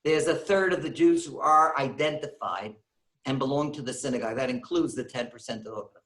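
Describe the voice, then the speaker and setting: A man's voice: mid-range voice, brisk, roomy sound, rough recording. A man giving a synagogue lecture, retelling a comic story and acting out its characters' voices. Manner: animated storyteller acting out voices, laughs at his own jokes. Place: synagogue hall.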